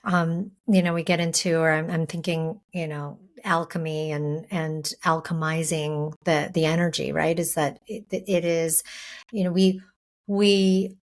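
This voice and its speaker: Thoughtful podcast host with a lowish voice. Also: female voice, steady tone, measured pace. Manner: thoughtful, searching for words as she asks. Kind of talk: podcast conversation.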